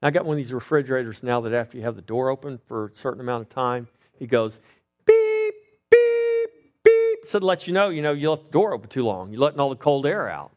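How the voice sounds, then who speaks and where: A man's voice: mid-range voice, animated, rapid-fire, few pauses, highs cut off. A middle-aged man preaching a sermon as pastor, talking conversationally and asking the congregation rhetorical questions.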